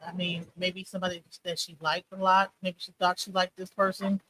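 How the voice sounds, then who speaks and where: A woman's voice: on the low side, level tone, fairly quick, a bit bright, rough recording. A woman co-hosting a live commentary stream, talking casually and rambling, often checking in with "you know what I'm saying.".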